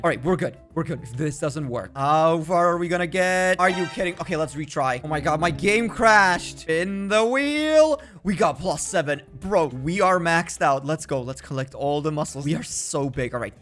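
A young man giving excited, jokey gameplay commentary as a gaming video host, sometimes shouting at rival players. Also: on the high side. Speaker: gaming YouTuber.

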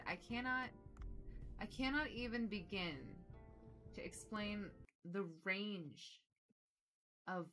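A young adult woman chatting casually with viewers while playing a video game, animated and quick to exclaim. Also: medium pitch. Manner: animated, shrieks when excited, drops soft when focused. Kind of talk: casual let's-play commentary chatting with chat.

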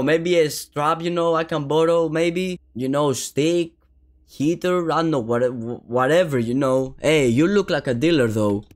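A young man giving casual, slangy commentary while playing a game, excitable and calling everyone bro. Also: a little high. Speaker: gaming streamer.

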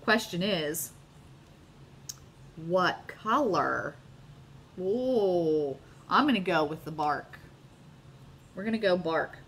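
A woman's voice: on the low side, lively intonation, takes it slowly, pauses often, a bit bright, slight background noise. A middle-aged woman hosting a casual live crafting demo at home, chatting and gushing to her viewers as she works. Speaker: craft video host.

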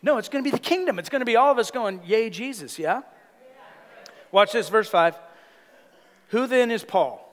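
A man with a bright, high-pitched voice preaches a sermon in a Californian accent, animated and conversational, tossing playful asides to his congregation. The sound carries the long reverb of a church hall. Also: moderate pace, pauses often. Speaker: senior pastor. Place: church sanctuary.

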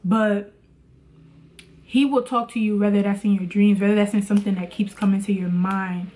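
A woman's voice: medium pitch, steady tone, normal speed, warm tone. A woman vlogging in a casual motivational talk about faith, chatty and preachy, with lots of "like".

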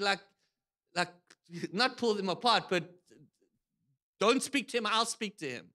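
A man preaching from the pulpit in a high, bright voice. He tells stories with animated energy, sometimes shouting out the lines he quotes. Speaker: pastor. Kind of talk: sermon. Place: church.

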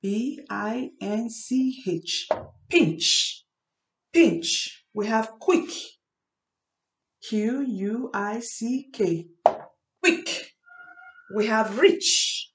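Slow, echoey woman teacher drilling spelling. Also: fairly high pitch, lively intonation, slight background noise. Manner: spells words letter by letter, repeats each word, asks "hmm?". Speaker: English teacher. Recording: echoey room.

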